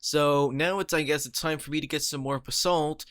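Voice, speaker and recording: Man, higher register, casual let's-play narration, relaxed and thinking aloud, dry booth sound. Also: normal speed, no echo. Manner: chatty, thinks aloud, laughs easily. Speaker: Minecraft let's player. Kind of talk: casual gameplay commentary.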